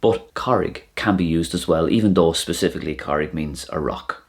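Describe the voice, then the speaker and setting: A man teaching a language lesson, who speaks slowly and deliberately and says each word twice so learners can catch how it sounds. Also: low voice.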